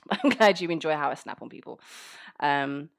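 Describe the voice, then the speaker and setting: A woman's voice: low voice, animated, measured pace, vocal fry. A woman with a fairly well-spoken South London accent, chatting frankly and reading out listener questions for a voice actor's Q&A. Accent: South London English, fairly well-spoken. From South London, England. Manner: chatty, frank, many "um"s, reads questions aloud. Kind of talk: casual Q&A chat.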